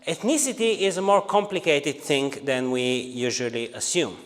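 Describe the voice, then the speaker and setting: A man with a Bulgarian accent lectures to a room, pausing often on filler sounds as he works through his points. His voice sits a little high for a man. The sound carries a long hall reverb. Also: very animated. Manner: hesitant, frequent filler sounds. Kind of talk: academic lecture.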